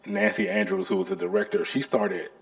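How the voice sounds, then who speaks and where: A man's voice: high voice, brisk, creaky. A man, an artist giving a storytelling lecture about his career. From North Carolina. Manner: animated, acts out the people in his stories.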